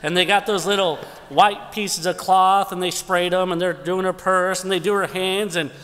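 A man's voice: sits high, fairly even intonation, moderate pace, a bit bright. A man, youth pastor and assistant pastor, telling a folksy joking story and giving church announcements from the pulpit. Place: church sanctuary. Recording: long church hall reverb.

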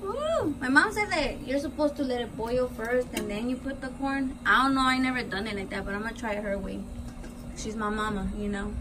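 A woman's voice: a little high, a little fast. A woman filming a casual cooking vlog in her home kitchen, brash and swearing constantly, slipping into Spanish. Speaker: cooking vlogger. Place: home kitchen with family around. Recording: noisy kitchen recording.

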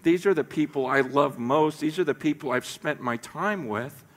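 A middle-aged man from the United States preaching a sermon, telling stories in an animated way and repeating words as he goes. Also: fairly high pitch, normal speed. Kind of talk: sermon storytelling. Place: church sanctuary. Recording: echoey church hall.

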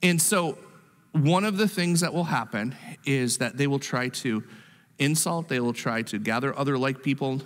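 A male pastor delivers a sermon in a lively, conversational way. He often repeats his words and acts out the voices he quotes. His mid-pitched voice rings out with a long reverb from the church hall. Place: church sanctuary.

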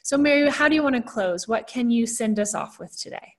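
A bubbly young woman hosts a relaxed video chat, laughing often as she talks. Her voice sits a little high for a woman, and she is talkative and upbeat throughout. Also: fairly quick. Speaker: host. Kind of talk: casual video interview.

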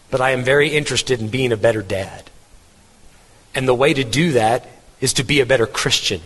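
A man in middle age preaches with earnest, emphatic repetition, his voice sitting at a middle pitch. The sermon rings out in a church hall with a long, lingering reverb. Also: fairly bright tone, slightly rough. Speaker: pastor.

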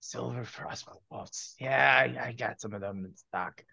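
A man's voice: mid-range voice, measured pace, pushed and bright, heavily acted. A man voicing a grumpy, short-tempered male cat-folk blacksmith who curses and snaps at customers. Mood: gruff. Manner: gruff, snappish, cursing. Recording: dull lo-fi, dry.

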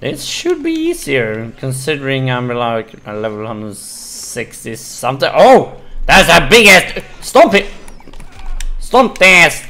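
A man hosting a gaming video, excitably commentating his play with frequent swearing and exclamations. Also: mid-range voice, takes it slowly, a little hiss or hum. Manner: excitable, swearing, exclaiming and laughing while playing. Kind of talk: casual let's-play commentary.

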